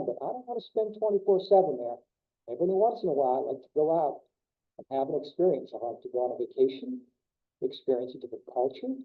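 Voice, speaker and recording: A man's voice: a little high, breathy edge. A man giving an earnest, explanatory talk, building his points through rhetorical questions. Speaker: speaker on near-death experiences. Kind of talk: conversational talk. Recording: phone-like narrow sound.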